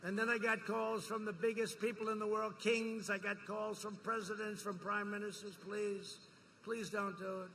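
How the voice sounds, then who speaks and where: A man's voice: sits high, level tone, moderate pace, hardly any pauses, pushed and bright, a little hiss or hum. A man giving a campaign rally speech, boastful and repetitive, rousing the crowd. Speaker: politician speaking at a campaign rally.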